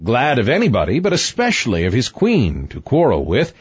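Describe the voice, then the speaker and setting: Man reading a fairy tale, very lively pitch, husky voice, muffled dry recording. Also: fairly quick, no echo. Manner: expressive, wide-ranging read. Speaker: narrator. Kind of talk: storybook reading aloud.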